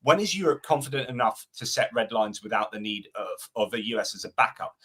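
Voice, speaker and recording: A man giving casual political analysis as a livestream guest. He thinks out loud and drops in little quoted asides. His voice sits at a plain middle pitch. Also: animated, fairly quick, husky. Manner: conversational, thinks aloud with restarts and quoted asides. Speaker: guest commentator.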